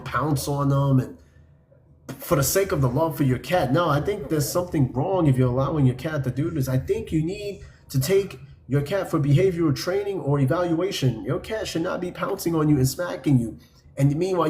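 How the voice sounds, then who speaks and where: Male podcast host, slightly high voice, casual and profane, light background noise. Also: a little mellow. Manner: blunt, profane, mocking. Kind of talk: casual podcast commentary reading a list.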